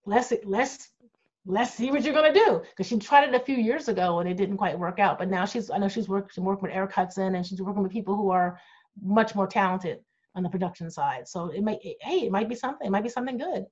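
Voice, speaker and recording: A middle-aged woman speaking bluntly and candidly as she answers questions, holding nothing back. Her voice sits at an ordinary middle pitch and comes through a video call with slightly dull, lo-fi audio. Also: fast talker, a little mellow, slightly rough. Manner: blunt, outspoken. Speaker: group manager answering fan questions. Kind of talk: candid Q&A chat.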